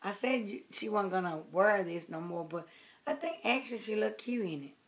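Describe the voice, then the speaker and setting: A woman rambles affectionately to her viewers in a loose, casual vlog. Her talk wanders from thought to thought, and her voice often sinks to soft, low murmurs while she fusses with what she is holding. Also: normal speed. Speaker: doll collector vlogger. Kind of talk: casual chat to camera.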